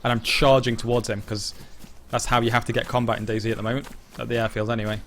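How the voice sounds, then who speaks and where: Male streamer, mid-pitched, blunt live commentary over quiet game noise. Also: little pitch movement, fast talker. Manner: blunt, explains mechanics, swears casually.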